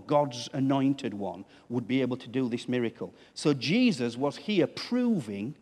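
A man's voice: medium pitch, mellow, big-room sound. A man preaching a sermon as pastor, talking conversationally and putting questions to the congregation. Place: church.

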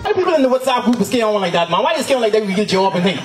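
A man doing a loud, exasperated comedic rant. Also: high-pitched, very animated, very fast, echoey room, music in the background. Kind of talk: ranting comedy sketch.

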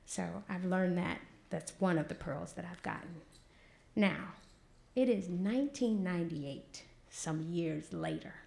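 A woman spins a personal story for a live audience. Her voice has a gravelly fry at its edges. She talks in loose, animated vernacular and acts out other people's lines. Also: lowish voice. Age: 40s. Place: stage before an audience.

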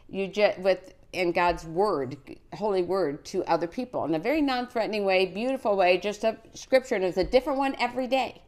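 A woman in her sixties hosting a live cooking show, chatty and encouraging, reading out greetings from viewers. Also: medium pitch. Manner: frequent fillers and restarts. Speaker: host of a children's cooking show.

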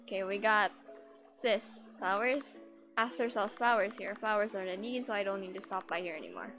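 A woman's voice: medium pitch, animated, normal speed. A young woman live-streaming a game, chatting giggly and casual to her viewers. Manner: giggly, chatty, talks to chat. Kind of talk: live-streamed gameplay commentary. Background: game music.

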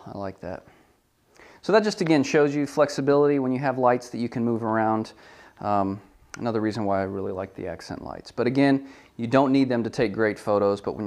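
A man giving a hands-on product photography tutorial, talking through each step casually and correcting himself as he goes. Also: lowish voice. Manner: relaxed, thinking aloud with frequent ums and self-corrections.

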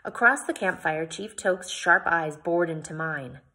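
Woman reading a novel aloud, expressive first-person narration, bright tone, slightly husky, lowish voice. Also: measured pace. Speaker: audiobook reader.

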